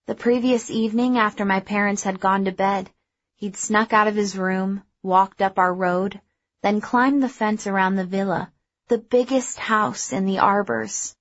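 A woman narrating a first-person story in a measured, even way. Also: mid-range voice, no echo, muffled recording. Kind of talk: audiobook narration.

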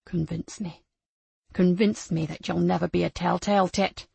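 A woman voicing a menacing adult who taunts a frightened child in a low, slow, hushed murmur. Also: fairly even intonation, vocal fry, husky, no room sound, full character voice. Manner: slow, drawn-out, sinister.

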